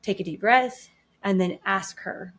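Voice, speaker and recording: Woman, thirties, casual co-host, reflective, animated quoted dialogue. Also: mid-range voice, measured pace. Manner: reflective, acts out quoted dialogue with shifting voices. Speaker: podcast co-host. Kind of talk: casual conversational chat.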